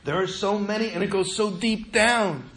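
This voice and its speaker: A man preaching a sermon as pastor, animated, swinging from loud to hushed. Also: high-pitched, moderate pace. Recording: echoey room, faint noise.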